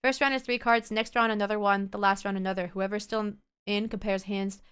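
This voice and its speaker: A woman's voice: medium pitch, flat delivery, fairly quick, a bit bright, smooth. A woman streaming a game, chatting casually with viewers and rambling between story moments. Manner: chatty, rambling, greets chat. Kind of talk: casual gameplay commentary. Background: game music.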